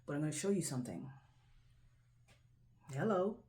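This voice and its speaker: Woman host, casual and repetitive to camera; lowish, warm voice. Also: sing-song, normal speed. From Jamaica. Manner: chatty, repetitive, keeps asking "right?". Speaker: video host. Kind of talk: casual show-and-tell talk to camera.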